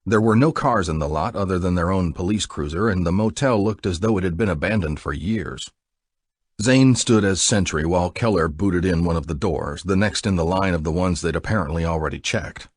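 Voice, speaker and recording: A man giving an expressive, dramatic audiobook narration. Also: low-pitched, fairly quick, breathy edge, no room sound, clean studio sound.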